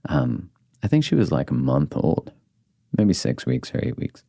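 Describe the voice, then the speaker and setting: A man's voice: rumbling low, wildly swooping pitch, measured pace, vocal fry, dark tone, no room sound, studio quality. A man hosting a podcast, talking candidly and reflectively in casual conversation, swearing now and then. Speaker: podcast host.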